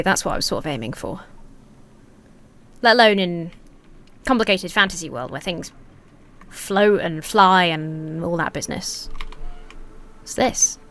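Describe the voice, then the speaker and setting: A woman's voice: fairly low pitch, fairly bright tone. A woman giving rambling, chatty let's play commentary, talking to herself as she plays. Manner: rambling, chatty self-talk while playing. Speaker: gaming video creator.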